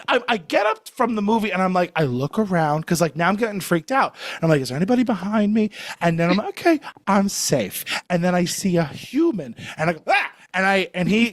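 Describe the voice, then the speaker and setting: A man's voice: sits high, a bit bright, no room sound. A man on a video call, chatting as a podcast guest and telling a story with lots of laughter. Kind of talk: casual chat, animated storytelling.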